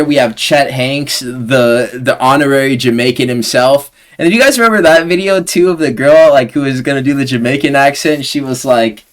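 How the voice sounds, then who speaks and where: A man breaks down upcoming fights in a loose, casual monologue. His voice sits at an average pitch, and he jokes and uses crude slang as he goes. It sounds like a solo home recording. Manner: joking, slangy, crude humor. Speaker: host of a fight predictions channel. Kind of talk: casual fight-prediction commentary.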